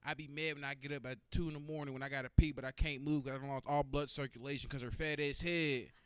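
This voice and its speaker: A man's voice: mid-range voice, steady tone, quick pace, clear, resonant tone, no room sound. A man doing a stand-up comedy set, talking loosely and profanely and working the crowd.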